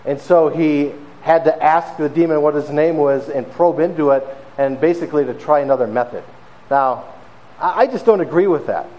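A man's voice: fairly high pitch, normal speed, rough recording. Man preaching a casual, storytelling sermon. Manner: conversational, animated storytelling with fillers. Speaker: pastor.

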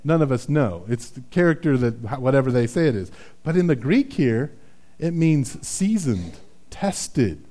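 A man's voice: medium pitch, expressive, normal speed, mellow. A man preaching a sermon in a conversational, self-deprecating way, often checking in with "right?". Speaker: pastor.

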